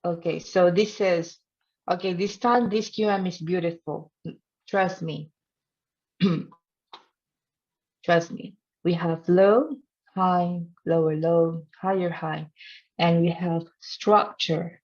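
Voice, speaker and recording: A woman's voice: on the low side, fairly even intonation, slow, a little mellow, dull audio. A woman teaching a casual online trading lesson. She speaks simple non-native English and teases her viewers, laughing often. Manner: playful and teasing, laughing often. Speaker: trading instructor.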